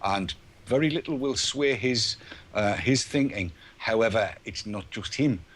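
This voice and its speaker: A man's voice: on the low side, measured pace, fairly bright tone. A man co-hosting a casual online chat show, with a dry, jokey delivery. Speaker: co-host.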